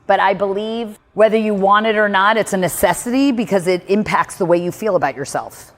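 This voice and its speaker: A woman's voice: mid-range voice, a little fast, big-room sound. A woman giving candid one-on-one advice in a blunt, emphatic way, swearing freely. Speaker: personal growth speaker coaching a listener.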